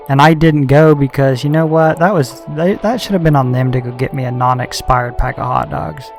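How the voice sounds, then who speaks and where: A man's voice: on the high side, fairly quick, few pauses, faint music behind. A man doing strategy game commentary, ranting heatedly and swearing a lot. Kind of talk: gaming commentary with a profane rant.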